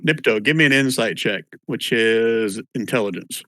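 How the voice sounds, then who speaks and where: A man's voice: mid-range voice, lively intonation, normal speed, bright, forceful tone, dry recording. A man running a tabletop game session, narrating rooms loosely with fillers and calling for rolls. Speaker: game master.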